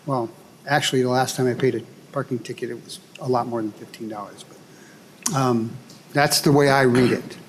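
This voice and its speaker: A male legislator answering questions at a committee hearing, measured, explaining through everyday examples. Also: mid-range voice, steady tone. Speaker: bill author, state legislator. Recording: hearing room with long reverb and faint noise.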